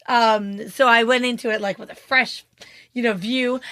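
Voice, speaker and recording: A woman's voice: fairly high pitch, steady tone, normal speed, a bit bright, no echo. A woman co-hosting a casual podcast, giggling often and talking with her hands. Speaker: podcast co-host. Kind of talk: casual chat.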